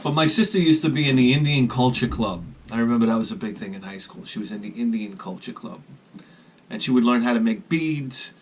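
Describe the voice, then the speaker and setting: A man's voice: medium pitch, brisk, slight background noise. A middle-aged man spins a loose, rambling story in casual talk. He keeps restarting his sentences and chuckles at his own jokes, in an ordinary mid-range voice.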